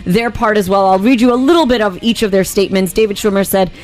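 A woman's voice: mid-range voice, fast, darkish tone. Woman doing the gossip bit on morning radio, chatty, music bed faint behind. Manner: chatty, reads out quotes and reacts. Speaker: radio co-host reading entertainment news. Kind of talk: radio entertainment news and banter.

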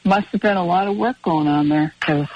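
Woman, radio co-host, casual rambling chat, husky voice, muffled dry broadcast sound. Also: lowish voice, normal speed, no room sound. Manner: rambling, anecdotal storyteller.

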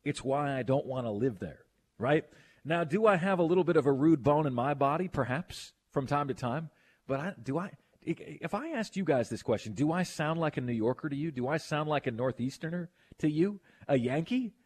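A man hosting a sports radio show, chatting casually and reading listener texts aloud. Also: on the high side. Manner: animated, quick to protest, reads listener texts aloud.

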